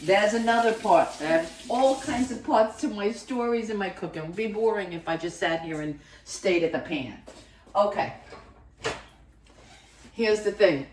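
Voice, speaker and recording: A woman's voice: medium pitch, normal speed, darkish tone, far from the mic, a little hiss or hum. Chatty woman cooking in an echoey kitchen. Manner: chatty, rambling asides while cooking. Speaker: cooking channel host. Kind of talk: casual cooking vlog chat. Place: home kitchen. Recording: echoey kitchen, voice away from the mic.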